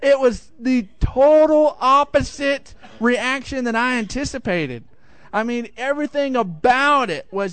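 A middle-aged man preaching a sermon, telling a lively personal story and swinging high for the quoted voices. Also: a little slow, clean tone, no echo. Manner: animated storytelling, rising high for acted quotes. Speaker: pastor.

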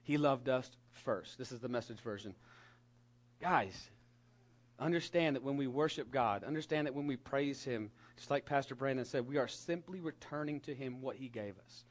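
A middle-aged man preaching a sermon to young people, animated and emphatic, dropping at times to a soft whisper. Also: medium pitch, moderate pace. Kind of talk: sermon to a youth congregation.

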